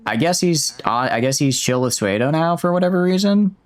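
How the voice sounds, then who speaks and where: A man's voice: a little high, lively intonation, brisk, clean tone. Joking young man streaming a game. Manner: jokey, chatty, reads lines out with asides to chat. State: sore throat. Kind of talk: casual let's-play commentary, reading game dialogue aloud.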